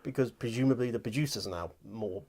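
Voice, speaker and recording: Male host, mid-pitched, chatty and self-deprecating, casual studio interview. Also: quick pace, dark tone. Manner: jokey, chatty, laughs easily. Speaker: host and audiobook producer. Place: recording studio.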